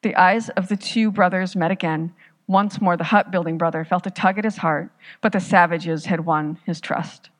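A woman pastor telling a parable in a sermon, with a measured, dramatic reading. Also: lowish voice, steady tone, in a large hall. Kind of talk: sermon storytelling.

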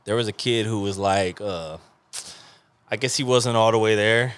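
A man's voice: on the low side, moderate pace, fairly bright tone. A young man from New York telling a story in casual slangy chat as a podcast co-host.

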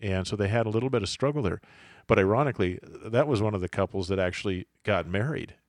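Deep-voiced man hosting a podcast. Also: fast, no echo, clean studio sound. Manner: thoughtful, rambling, with many fillers. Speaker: podcast co-host. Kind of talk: casual conversational podcast.

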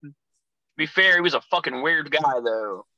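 A man's voice: on the high side, animated, normal speed, bright, forceful tone, no room sound, rough recording. A young man chatting casually as a guest, crude and rambling, swearing freely as he tells stories. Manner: crude, profane, rambling storyteller. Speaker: guest, wrestling figure. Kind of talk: casual chat.

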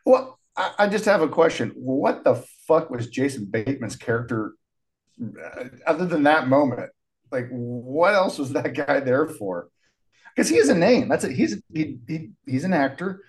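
A man's voice: fairly high pitch, big pitch swings, moderate pace. A man co-hosting a podcast, chatting casually and animatedly about a movie. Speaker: podcast co-host.

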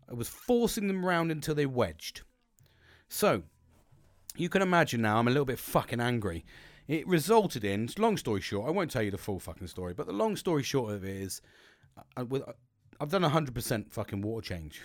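A man's voice: medium pitch, no echo. A man hosting a podcast, telling a rambling, sweary story in a casual monologue. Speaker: podcast host.

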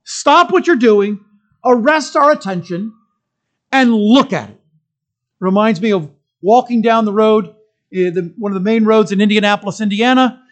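A male pastor giving a sermon in a church. He is emphatic and conversational, moving between strong stresses, quiet asides and humorous stories. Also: high-pitched, normal speed.

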